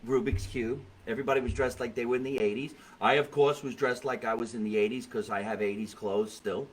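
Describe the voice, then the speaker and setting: A middle-aged man hosting a comedy podcast, telling stories in a jokey, animated way with quoted voices. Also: mid-range voice, brisk, rough recording. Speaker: podcast host. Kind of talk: comedic casual chat. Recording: faint background noise.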